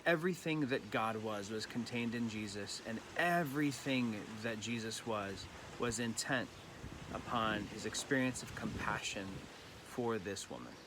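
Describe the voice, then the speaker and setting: Low-voiced pastor guy doing a soft evening devotion, thoughtful, bit of birdsong in the background. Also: unhurried, background noise. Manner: gentle, reflective, with restarts. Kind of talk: evening prayer reflection. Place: home in lockdown.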